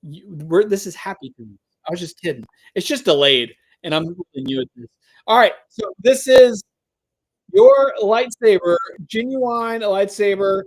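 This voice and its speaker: High-voiced man hosting a live giveaway. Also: lively intonation, moderate pace, fairly bright tone. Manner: hypes and drags out suspense, talks to chat. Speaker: live stream host. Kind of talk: live stream giveaway chat.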